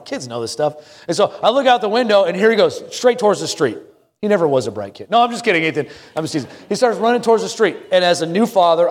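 A man's voice: fairly high pitch, long reverb tail. A middle-aged man preaching a sermon, telling a story dramatically and building repeated refrains. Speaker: pastor. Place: church sanctuary.

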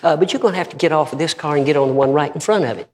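A preacher doing a calm, polite conductor. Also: male voice, racing, natural voice. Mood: patient. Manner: patient, courteous, low-key. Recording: long reverb of a large hall.

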